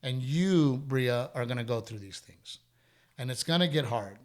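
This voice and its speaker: A middle-aged man hosts a podcast, speaking candidly in casual chat and telling stories, repeating himself when he wants emphasis. His voice is mid-range, with lively intonation at normal speed.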